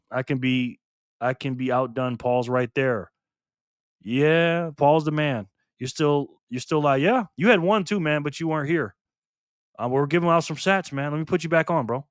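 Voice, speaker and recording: An older man hosting a casual live stream, reading comments aloud in a chatty, excitable way. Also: on the high side, moderate pace, dry recording, studio quality. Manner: chatty, excitable, laughs often.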